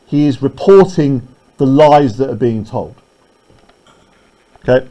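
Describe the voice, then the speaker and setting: A man with a mid-range, dark-toned voice and lively intonation teaches a literature lesson. He reads lines from a play slowly, then quickly paraphrases and explains them step by step, checking in with "right?" and "okay?" The audio quality is poor.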